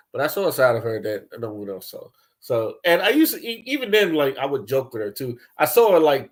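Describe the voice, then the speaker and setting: A young man ranting casually, telling loose, profane stories with lots of laughter and swings between loud bursts and low mumbles. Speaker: commentator. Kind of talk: casual rant.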